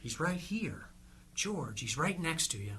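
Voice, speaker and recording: An actor playing a psychic medium in a radio play, speaking in a slow, coaxing, soothing way. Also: mid-range voice, sing-song, pushed and bright, breathy edge, exaggerated voice. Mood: probing.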